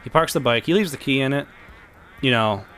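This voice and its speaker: A young man with a mid-range, slightly bright voice talks fairly quickly as he spins a long, rambling comic story in casual chat. He's a podcast co-host who keeps restarting his sentences and acts out the characters along the way.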